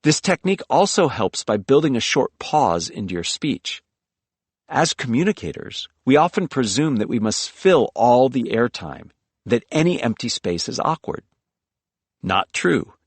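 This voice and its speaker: A man's voice: mid-range voice, sing-song, measured pace, breathy edge, dry recording. A man reading a self-help audiobook, coaching the listener through speaking exercises in an instructive tone. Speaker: audiobook narrator. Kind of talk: scripted audiobook narration.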